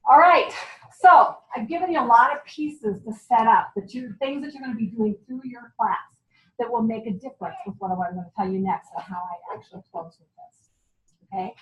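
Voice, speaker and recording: A woman giving a lively, chatty sales training talk to a group, laughing often and acting out what customers say. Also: a little high, fairly quick. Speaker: guest speaker. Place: meeting room. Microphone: far from the mic. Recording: echoey, dull, distant room recording.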